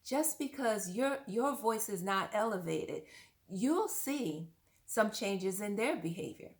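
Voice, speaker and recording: Speaking slowly at a medium pitch, a woman delivers expressive parenting advice directly to the camera. She is an earnest parent coach who addresses the viewer head-on, coaching and posing questions to the listener.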